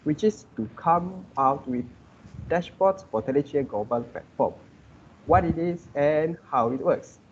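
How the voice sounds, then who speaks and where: A young man from Malaysia presents a student project on a video call. His voice sits a little high and he explains step by step with a few filler words. The audio is dull and lo-fi with faint background noise. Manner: explanatory, steady, slightly hesitant with fillers.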